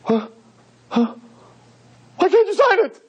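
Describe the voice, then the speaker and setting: A man voicing a young woman, an emotional, eager girlfriend, in a pleading, high voice. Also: sing-song, a little fast, warm tone, breathy edge, lo-fi sound, exaggerated voice. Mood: shocked. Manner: pleading, rising voice.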